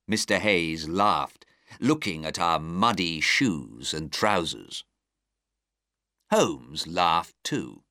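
Slow careful storybook reading guy, bright voice, dry room. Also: a bass voice, expressive, no echo. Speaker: narrator.

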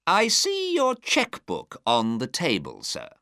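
A man reads as a clever detective whose speech is measured and coldly polite. The voice sits well above the reader's low narrating tone and swings freely in pitch. It is bright and dry, recorded close up. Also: huge pitch swings, no room sound, full character voice. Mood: cool, assured.

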